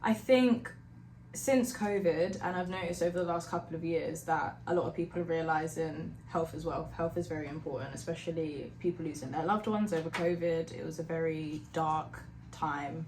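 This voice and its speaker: A woman's voice: low-pitched, normal speed, a little mellow. A woman, a podcast guest chatting in a bubbly way and laughing easily. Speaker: guest, hiking group founder. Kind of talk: casual podcast chat. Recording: roomy, faint background noise.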